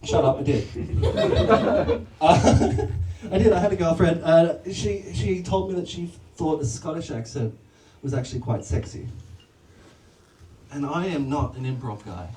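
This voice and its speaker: A man's voice: a little high, lively intonation, a little slow. A man doing stand-up crowd work as MC in a comedy club, rambling and self-deprecating, laughing at his own jokes. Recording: echoey club from a distance, noisy.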